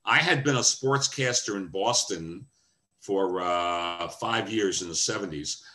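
A man's voice: deep voice, measured pace. An older man, a veteran sportscaster, telling wry stories as a guest on a video call. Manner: wry, animated storyteller. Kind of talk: anecdotal storytelling.

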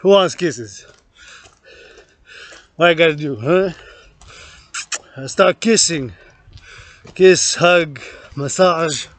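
A man's voice: on the high side, drawn-out words, long pauses, a bit bright, no echo. A man rambling in a loose rant while marching outdoors, laughing between phrases and repeating words. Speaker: vlogger.

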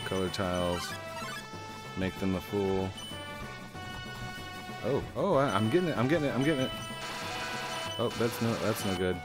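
A man's voice: on the low side, animated, moderate pace, pauses often, over music. A man giving playful, self-mocking let's play commentary as a gaming YouTuber.

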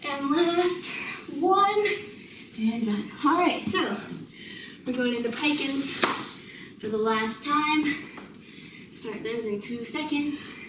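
A woman's voice: high-pitched, lively intonation, slow, pauses often, far from the mic. A woman instructor leading a home workout, slightly out of breath, upbeat and laughing as she counts down reps. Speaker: fitness instructor. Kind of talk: workout tutorial cueing. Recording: roomy, noisy, mic set away.

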